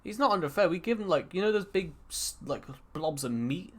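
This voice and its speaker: A man's voice: high-pitched, animated, normal speed, a bit bright. A man co-hosting a casual podcast over an online call, rambling with many restarts and swearing. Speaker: podcast co-host. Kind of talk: casual chat.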